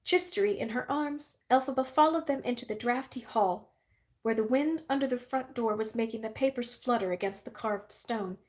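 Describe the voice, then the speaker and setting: A woman's voice: on the high side, normal speed, a little mellow. Woman reading a novel aloud. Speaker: reader. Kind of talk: audiobook-style novel reading.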